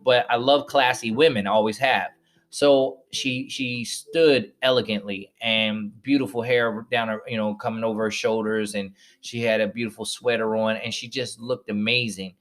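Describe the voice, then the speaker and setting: A man's voice: fairly low pitch, steady tone, moderate pace, a bit bright. A man hosting a podcast, telling a personal story to listeners and acting out the voices of people in it. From northern United States. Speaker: podcast host.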